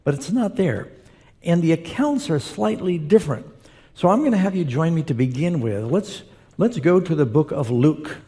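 A man preaching in a church hall, his fairly high, mellow voice trailing off into long reverb. He reads scripture aloud and breaks off for relaxed, conversational asides to the congregation. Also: normal speed, breathy edge. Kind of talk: sermon with scripture reading.

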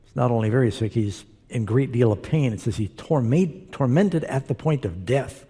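A man's voice: mid-range voice, normal speed, mellow, husky. A man preaching a sermon. He reads scripture aloud and makes chatty asides to his listeners. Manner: conversational, with asides to the audience. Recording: long hall reverb.

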